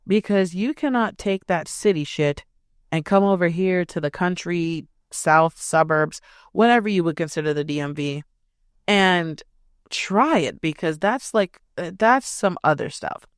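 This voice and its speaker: A woman's voice: lowish voice, expressive, unhurried, smooth, no room sound, clean studio sound. Blunt, profane woman podcast host. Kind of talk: casual storytelling.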